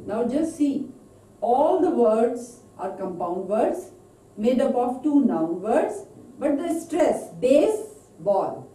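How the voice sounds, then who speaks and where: A woman teaching an English lesson on word stress, speaking slowly and deliberately in Indian English and stressing each example word. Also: on the high side, lively intonation, warm tone, recorded from a distance. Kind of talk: recorded lecture on word stress. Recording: echoey room, voice off-mic.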